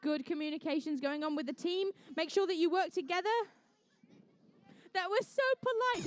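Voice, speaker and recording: A woman's voice: sits high, animated, brisk, no echo. A young woman emceeing a live competition, chatty and jokey with the teams as she calls the action. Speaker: event emcee and commentator. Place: indoor conference venue.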